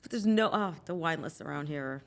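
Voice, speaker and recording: A woman's voice: low-pitched, lively intonation, fairly quick, vocal fry, crowd noise. A woman sommelier, a guest, chatting casually and agreeing in brief replies. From New England. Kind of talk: casual chat.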